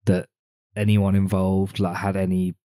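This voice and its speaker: A man's voice: low-pitched, monotone, a little slow, dark tone, dry recording, clean studio sound. A man co-hosting a casual film podcast, speaking in a matter-of-fact way. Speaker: podcast co-host.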